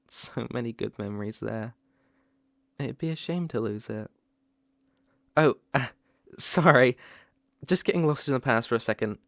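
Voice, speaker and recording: A man playing a gravelly, tender British ex-boyfriend, whispered role-play. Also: medium pitch, dry recording, clean studio sound, natural voice. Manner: hesitant, halting, with soft laughs. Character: tender remorseful young male ex-boyfriend. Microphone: close mic, ASMR.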